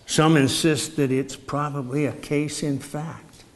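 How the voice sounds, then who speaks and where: Slow, measured male preacher. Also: fairly high pitch, steady tone. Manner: slow, measured, reflective with rhetorical questions. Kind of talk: sermon.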